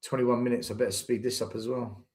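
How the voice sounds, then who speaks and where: Speaking fast in a level, mid-range, slightly mellow voice, a young fan channel host commentates a live football watchalong. He's exasperated, cursing and saying the same things over and over as he reacts.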